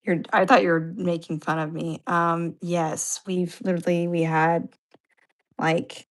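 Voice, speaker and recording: A woman's voice: on the low side, little pitch movement, unhurried. A middle-aged woman co-hosting a livestream, talking casually and filling her speech with "like". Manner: chatty, peppered with "like". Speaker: livestream co-host. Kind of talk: casual chat.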